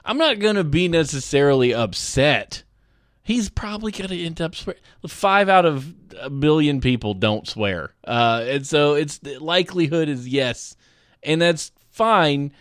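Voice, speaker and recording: A man's voice: on the high side, expressive, a little slow, dry recording, clean studio sound. An easygoing man co-hosting a casual chat, laughing often and telling stories. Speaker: podcast co-host.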